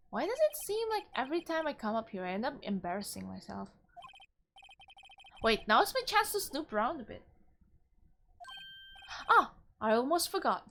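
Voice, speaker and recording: A woman streamer reading game dialogue aloud, expressive and animated, with casual asides. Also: fairly high pitch, normal speed, long pauses.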